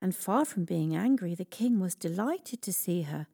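A woman reading a children's Bible story aloud as storyteller, slow and expressive. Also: lowish voice, gravelly, breathy edge, dry recording, clean studio sound.

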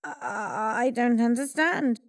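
A woman's voice: mid-range voice, sing-song, measured pace, a little mellow. A woman voicing a scheming, villainous royal adviser in a storybook reading, with a commanding, sinister voice. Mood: frightened.

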